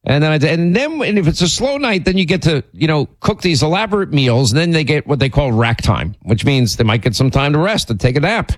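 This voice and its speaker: A man hosting a radio talk show, rambling and teasing in casual on-air banter, his voice jumping high when he gets exasperated. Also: big pitch swings, a little fast, hardly any pauses, no room sound.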